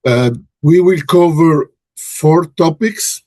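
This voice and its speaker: Man, slow and hesitant, dry close sound, webinar host. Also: fairly high pitch, a little mellow, dry recording. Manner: hesitant, frequent restarts and self-corrections. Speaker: webinar host and research director. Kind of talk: presenting a webinar. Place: office in Brussels.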